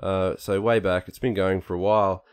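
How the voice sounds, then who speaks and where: A man co-hosting a podcast, explaining things casually in a halting way with many fillers. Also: low voice, fairly even intonation, clear, resonant tone. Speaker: podcast co-host, artist.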